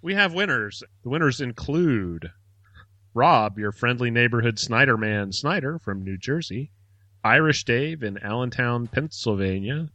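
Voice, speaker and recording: A man's voice: mid-range voice, animated, measured pace, pushed and bright, no echo, lo-fi sound. A man co-hosting a podcast in casual chat, reading out listener names. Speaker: podcast co-host.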